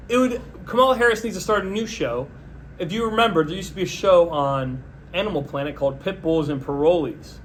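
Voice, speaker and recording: Male host, slightly higher register, deadpan sarcastic monologue, faint hiss behind. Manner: sarcastic, mocking, deadpan pitching. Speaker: podcast host. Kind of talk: solo comedic political rant.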